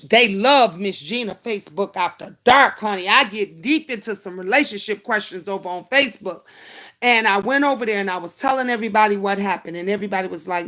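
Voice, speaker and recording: A woman's voice: medium pitch, a bit bright. A middle-aged woman hosting a livestream, telling a personal story to her viewers in a chatty, emotional way and calling them honey. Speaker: YouTube livestream host.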